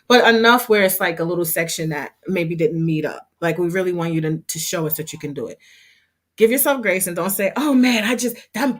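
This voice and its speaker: A woman on a casual livestream talking to her members, chatty and quick to laugh, with plenty of fillers and restarts. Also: fairly low pitch. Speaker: hair business owner and instructor.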